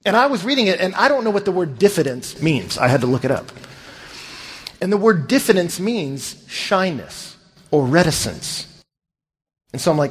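A pastor with a somewhat high, husky voice preaches at a measured pace. His sermon is full of stories, and he animatedly acts out the voices of the people in them.

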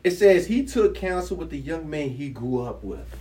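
A man with a high voice leads a Bible study. He reads passages and then breaks them down in a lively, chatty way, asking his listeners questions. He sits a bit back from the microphone, so he sounds distant. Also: normal speed, a little hiss or hum. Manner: conversational and animated, chuckles, rhetorical questions to the listeners. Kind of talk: Bible teaching, scripture reading with commentary.

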